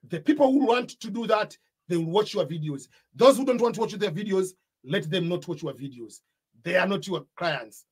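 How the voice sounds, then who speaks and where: A man's voice: sits high, husky. A man with an East African accent giving a motivational talk about starting a YouTube channel, stressing his points and repeating them. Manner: emphatic, repeats key points. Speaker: YouTube coach.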